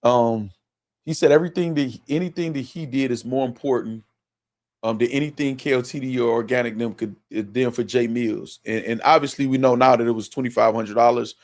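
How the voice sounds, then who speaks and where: A man's medium-pitched voice moves at a brisk clip as he hosts a live stream. He reacts to clips with casual, cursing commentary, animated and prone to repeating himself, often speaking over the clips.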